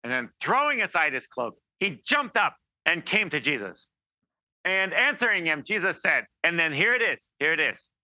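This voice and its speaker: A man giving an informal sermon, animated and acting out quoted voices, with many restarts. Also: a little high, normal speed, no echo. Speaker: preacher.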